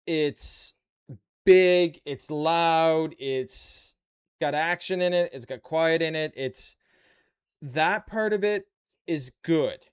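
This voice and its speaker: Chatty Canadian man, smooth voice. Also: a little high. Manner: chatty, playful banter with chat. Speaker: live streamer. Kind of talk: casual chat while building a model kit.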